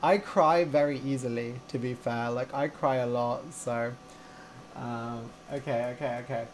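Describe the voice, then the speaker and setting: Casting: young male teacher, unhurried and chatty, affectionate and jokey on a live stream. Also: medium pitch, steady tone, slight background noise. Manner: chatty, gushing and playful, laughs easily. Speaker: English teacher and podcast host. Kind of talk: casual live-stream chat with learners.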